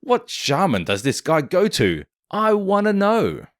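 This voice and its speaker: A man's voice: sits high, wildly swooping pitch, a little slow, no room sound, clean studio sound. A man reading a scripted commentary voice-over in a snarky, opinionated way. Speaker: commentary narrator.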